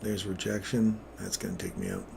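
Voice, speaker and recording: Excitable middle-aged man narrating trades. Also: low voice, fairly quick, creaky, noisy background. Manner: excitable, self-mocking, chuckles often. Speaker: day trader streaming live trades. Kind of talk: live trading commentary.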